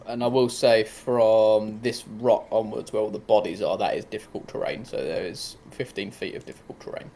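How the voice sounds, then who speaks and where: A man narrating a tabletop game as game master, relaxed and often pausing with ums. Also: lowish voice, a little hiss or hum.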